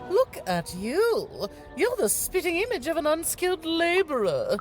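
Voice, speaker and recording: A woman's voice: very high-pitched, huge pitch swings, a little slow, heavily acted. A woman playing a snobbish, haughty noblewoman in a video game, lecturing in a disdainful manner. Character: snobbish noblewoman obsessed with titles. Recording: game audio with music behind.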